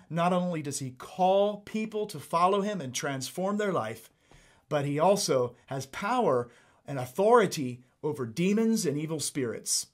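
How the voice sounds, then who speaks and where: Emphatic, high-voiced male preacher. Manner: emphatic, animated, repeats for emphasis. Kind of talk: sermon teaching.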